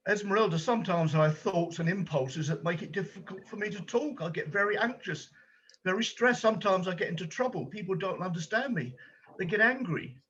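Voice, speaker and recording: A man's voice: high-pitched, expressive, a little fast, fairly bright tone, lo-fi sound. A man playing an anxious, kind-hearted volunteer gallery guide who hesitates and stumbles over his words, in an amateur stage drama.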